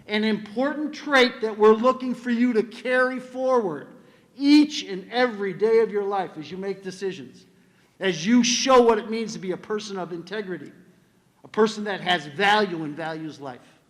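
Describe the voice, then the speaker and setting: A man's voice: sits high, a bit bright. An older man, a school administrator, giving a ceremony speech to honor students in a large hall, telling a family story.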